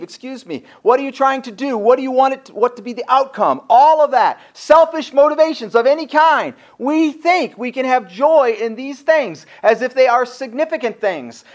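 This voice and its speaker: A very high-pitched man preaches as pastor. Scripture read aloud punctuates his remarks, and he keeps reinforcing his points through repeated rhetorical questions.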